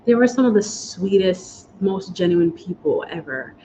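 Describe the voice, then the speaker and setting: Choked up with emotion, a woman vlogger chats to "y'all" about a personal moving-abroad story. She speaks unhurriedly in a lowish, dark voice with lively intonation, over a slightly dull recording carrying faint hiss.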